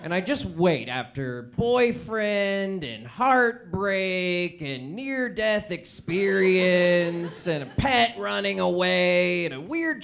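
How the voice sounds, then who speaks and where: Male stand-up, 30s, high pitch, rambling self-deprecating delivery. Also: gravelly, a bit bright. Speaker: stand-up comedian. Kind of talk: stand-up comedy set. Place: theatre stage.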